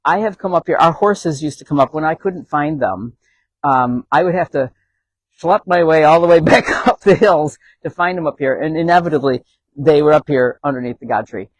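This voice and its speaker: A man's voice: fairly high pitch, normal speed, no room sound, rough recording. A man founder of an animal sanctuary telling a story outdoors on a hilltop, casually and with many fillers and chuckles. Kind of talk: casual storytelling on a walking tour.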